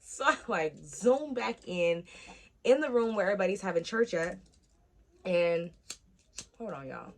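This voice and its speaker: Young woman vlogger, casual storytime, lively and foul-mouthed, acts out the voices in her story. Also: medium pitch, a little slow, pauses often. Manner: animated, profane, acts out quoted voices.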